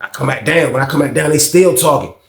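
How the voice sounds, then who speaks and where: A man's voice: on the high side, fast, roomy sound. A man in his thirties casually telling a story, full of slang and "like" and "man". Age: 30s.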